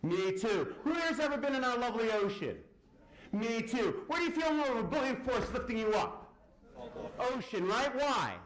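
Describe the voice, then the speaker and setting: This physics lecturer's voice is very high and his pace is normal. During a live demonstration in a big, echoing hall, he quizzes the crowd with lively energy, then supplies the answers on his own.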